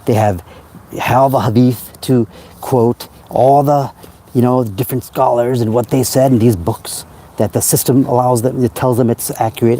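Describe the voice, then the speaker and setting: A man's voice: medium pitch, warm tone. A man talking in a rambling, self-help way on a casual livestream, outdoors at night by a parked car, into a phone.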